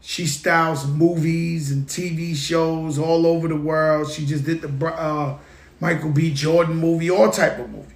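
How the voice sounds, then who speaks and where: A man hosting his own show, telling stories in a lively, casual way. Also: a little high, moderate pace. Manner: animated, tells stories with hype and sound effects. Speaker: show host. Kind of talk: casual storytelling monologue. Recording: roomy echo.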